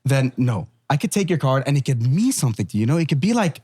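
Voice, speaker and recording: A man's voice: mid-range voice, quick pace, breathy edge, no room sound. A man guest, a magician, chatting casually on a podcast and acting out quoted people with lots of laughter. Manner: animated storyteller, acts out quotes, laughs often. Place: studio.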